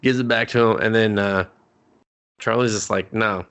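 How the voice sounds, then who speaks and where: A man co-hosting a casual movie review podcast, swearing freely and acting out the characters' lines in quick impressions. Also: lowish voice, steady tone, a bit bright. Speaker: podcast co-host.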